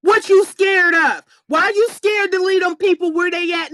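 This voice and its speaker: A woman giving a blunt, profane motivational rant on a live stream, preaching and often shouting for emphasis. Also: extremely high pitch, moderate pace, hardly any pauses, dry recording.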